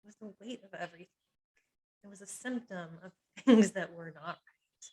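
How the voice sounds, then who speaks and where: A woman's voice: mid-range voice, normal speed, mellow, breathy edge, low-quality recording. A woman hypnotherapist talks through a masterclass in a confiding, personal way. She lists painful feelings one at a time in short, weighted phrases. Small laughs slip in between her words. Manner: earnest and confiding, draws on her own life. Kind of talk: personal teaching talk on emotional pain.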